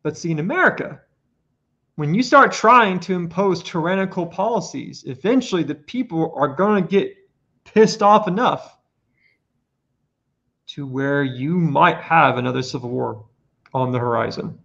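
An earnest man lays out his points on a casual podcast, pressing harder on each one. His voice sits a little high. The audio is dull and lo-fi. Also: animated, normal speed, vocal fry, a bit bright. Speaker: podcast guest presenter. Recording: lo-fi muffled audio.

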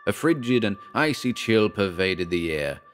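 A man narrating a horror story in the first person, measured and dramatic. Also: lowish voice, very animated, faint music behind. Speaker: audiobook narrator.

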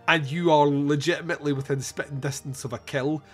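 A man's voice: a little high, steady tone, brisk, soft background music. A man hosting a podcast and chatting casually about a film, rambling, swearing and laughing often. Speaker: podcast host. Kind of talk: casual film review chat.

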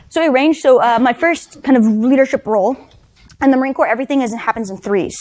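A woman speaker, high voice, chatty. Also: a little fast, a little mellow. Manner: conversational, frequent "right?" tag questions; self-deprecating humor. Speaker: conference speaker. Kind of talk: leadership talk to a live audience. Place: conference session room.

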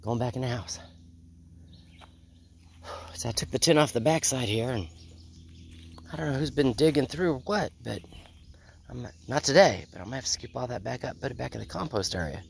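A woman vlogging outdoors in her backyard garden. She rambles in a casual, unhurried way, sounds a little out of breath, and feels unwell. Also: rumbling low, animated, vocal fry, a little hiss or hum. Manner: rambling, unhurried, with repeated sign-offs. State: feeling unwell. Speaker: homestead vlogger. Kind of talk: casual chat.

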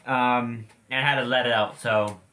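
A man's voice: mid-range voice, fairly even intonation, moderate pace, pushed and bright. A teenage boy ranting angrily to his viewers in a storytime vlog, heated and full of swearing. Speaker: vlogger. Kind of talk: angry storytime rant.

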